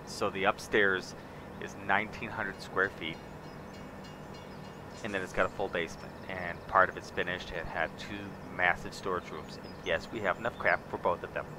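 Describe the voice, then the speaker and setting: Guy streaming a farm game, low voice, mumbling along, noisy background hiss. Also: fairly even intonation, normal speed. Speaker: streamer playing a farming game. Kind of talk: casual gameplay commentary.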